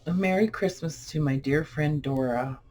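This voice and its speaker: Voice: mid-range voice, normal speed, darkish tone, slight background noise. A vlogger chatting casually while unboxing old books, rambling and full of fillers. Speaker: vlogger showing book finds.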